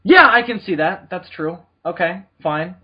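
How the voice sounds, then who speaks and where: A man co-hosting a podcast in casual chat, jokey and quick to laugh. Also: high voice, animated, slightly rough. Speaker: podcast co-host. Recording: dull lo-fi recording.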